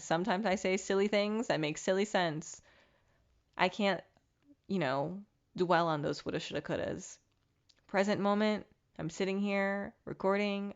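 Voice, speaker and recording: Through lo-fi sound, a woman with a mid-range voice hosts her own podcast. Her casual motivational monologue is candid and reflective self-help talk, with the odd mild curse.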